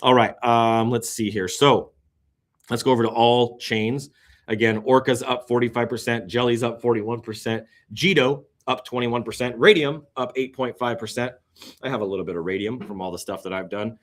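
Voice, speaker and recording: A man hosting a casual crypto show, talking through market charts on screen, flipping from low muttering to sudden loud exclamations and an occasional yawn. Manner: excitable, swings between muttering and sudden exclamations; yawning, drawn-out sighs.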